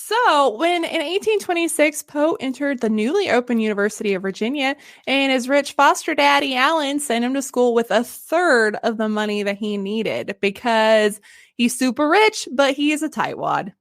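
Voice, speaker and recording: A woman with a high voice hosts a casual history podcast. She tells the story in an animated, joking way, laughing and swearing along. The sound is dry and close. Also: moderate pace, dry recording. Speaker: podcast host.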